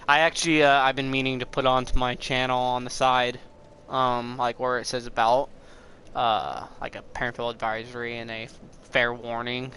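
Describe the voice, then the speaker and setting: Medium in pitch and fairly flat, this man's pushed, bright voice moves at a moderate pace over slight background noise. He's a young commentator rambling through a casual let's play, occasionally cursing the game and erupting in frustration.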